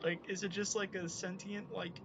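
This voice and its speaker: A man's voice: sits high, flat delivery, moderate pace, background noise. A man casually commenting on a game playthrough, amused and rambling. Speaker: player commentating. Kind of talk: casual let's-play commentary. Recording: game music playing behind.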